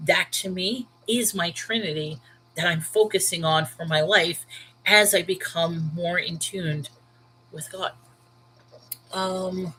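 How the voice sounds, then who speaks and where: This rough recording, with a little hiss or hum, features a woman in her thirties with a fairly low, fairly bright voice. She's a New Yorker with a Brooklyn accent hosting a casual Bible livestream, speaking candidly and emphatically and addressing viewers by name.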